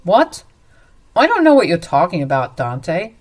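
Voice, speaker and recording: A woman's voice: lowish voice, huge pitch swings, measured pace, darkish tone, heavily acted. A woman voicing a cruel, lying young husband who turns defensive and stammers when caught.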